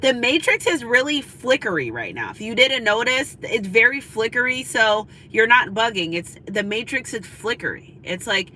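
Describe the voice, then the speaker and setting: A woman's voice: a little high, big pitch swings, normal speed, few pauses, sharp tone, a little hiss or hum, rough recording. A woman giving a spiritual tarot reading, talking in a chatty, confiding way and often checking in with her listeners. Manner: chatty, confiding, repeats "you know what I'm saying". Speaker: tarot reader. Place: in a car.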